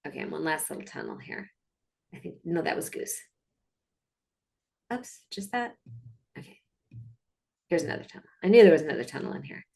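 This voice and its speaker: A woman's voice: low-pitched, lively intonation, a little fast, creaky, long pauses, warm tone. Chatty upbeat woman dog trainer. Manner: chatty and upbeat, with many fillers and asides. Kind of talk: casual narration over video clips.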